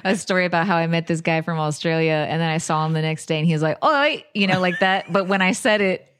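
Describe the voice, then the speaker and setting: A woman's voice: low voice, steady tone, fast talker, smooth. A woman co-hosting a casual relationship podcast, teasing and laughing at her own jokes. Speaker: podcast co-host.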